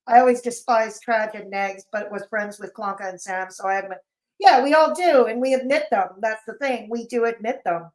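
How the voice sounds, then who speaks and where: Female stream host, slightly high, sarcastic and mocking, voice a little off. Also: normal speed, darkish tone. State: voice feels off, sleepy. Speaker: livestream host. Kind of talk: casual livestream commentary.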